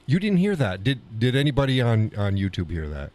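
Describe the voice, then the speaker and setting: A man's voice: mid-range voice, very animated, a little fast, darkish tone. An American man hosting a live stream, chatting in a rambling, folksy way. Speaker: live show host. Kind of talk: casual chat on a live stream.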